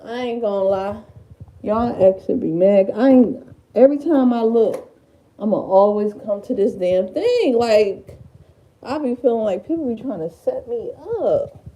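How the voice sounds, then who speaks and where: A woman's voice: fairly high pitch, lively intonation, measured pace, dull audio. A woman with a Detroit accent talking casually on a livestream, blunt, profane and rambling. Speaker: livestream host.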